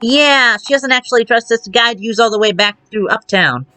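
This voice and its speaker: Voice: mid-range voice, normal speed, pushed and bright, clean tone, lightly acted. A streamer voicing a pair of dimwitted small-time crooks with a slangy tough-guy drawl, reading game dialogue live. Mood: scheming.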